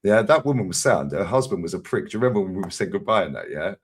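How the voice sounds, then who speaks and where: A man with a low, husky voice tells stories loudly and with a lot of swearing. He is animated and blunt, laughing between lines in casual stream chat. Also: fast talker. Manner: loud, profane, animated storytelling.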